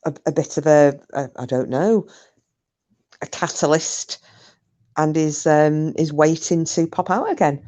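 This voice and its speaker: A woman narrates a true story to her viewers in a relaxed, conversational way, wandering off into asides. Her voice sits very low for a woman, and she takes her time over every phrase. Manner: chatty and digressive. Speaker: online storyteller. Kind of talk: casual spoken storytelling.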